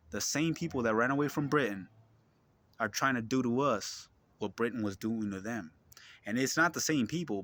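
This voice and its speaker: A man's voice: mid-range voice, fairly bright tone. A man talking straight to his audience, blunt, profane and preachy, repeating himself and asking the listener if they agree. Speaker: vlogger. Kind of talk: impassioned religious monologue.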